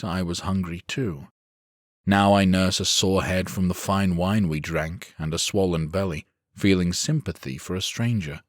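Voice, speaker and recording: A man reading a first-person fantasy audiobook in a measured, steady storytelling manner. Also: low voice, no room sound, studio quality. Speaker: audiobook narrator.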